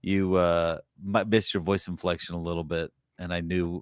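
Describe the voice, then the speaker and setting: A man with a low voice co-hosts a podcast in a dry, close-miked room. He is laid-back and teasing and laughs easily along with his partner. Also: level tone, moderate pace, no echo. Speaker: podcast co-host. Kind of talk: casual podcast banter.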